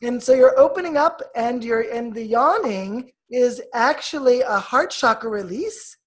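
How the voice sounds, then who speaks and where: A woman healer guest who leads a guided meditation and explains energy work in a soft, measured, coaching tone. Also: fairly high pitch.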